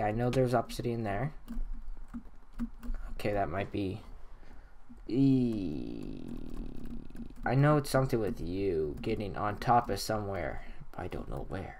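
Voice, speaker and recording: A man giving casual gameplay commentary at his computer, muttering to himself with sudden excited outbursts. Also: on the low side, measured pace, creaky, slight background noise. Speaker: gaming channel host.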